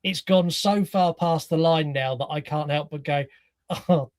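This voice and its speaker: A man's voice: a little high, measured pace, no echo, clean studio sound. A man co-hosting a podcast, chatting casually about a film and acting out his reactions as he tells it. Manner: animated storyteller, acts out reactions. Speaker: podcast co-host.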